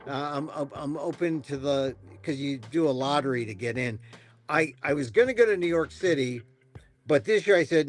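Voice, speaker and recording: Middle-aged male host, high voice, deadpan satire, faint music bed. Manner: joking, deadpan sarcasm with quick restarts. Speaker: podcast host. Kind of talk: casual satirical chat.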